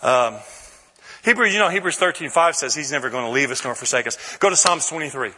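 A man preaching a sermon, reading scripture slowly and rising to shouted emphasis. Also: medium pitch, expressive. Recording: long hall reverb.

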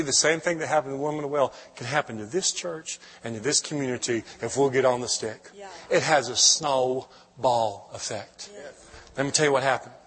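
A man's voice: mid-range voice, a bit bright. Emotional man preaching in a hall. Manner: emotional, storytelling, with frequent restarts. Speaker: guest preacher. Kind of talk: sermon testimony. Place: church. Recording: long hall reverb.

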